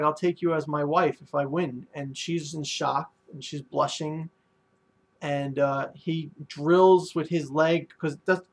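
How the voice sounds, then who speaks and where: A man reviewing a manga chapter in a casual, rambling way, full of ums and likes. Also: on the high side.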